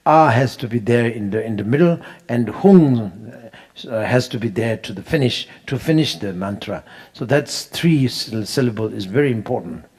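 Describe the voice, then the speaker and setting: A man, teaching how to pronounce mantras in an unhurried, laughing way, chanting them as he goes. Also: mid-range voice, lively intonation, darkish tone. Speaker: Buddhist teacher. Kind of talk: dharma teaching on mantra pronunciation.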